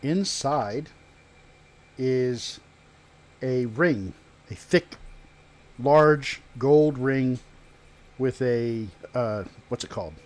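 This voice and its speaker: A man running a tabletop game as game master, narrating the scene in a halting, measured way with pauses and restarts. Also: mid-range voice.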